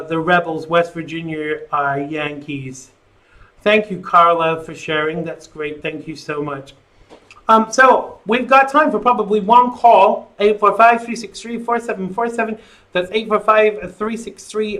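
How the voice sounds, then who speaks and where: A man's voice: a little high, a bit bright. A man hosting a live call-in talk show, rambling casually and reading viewer comments aloud.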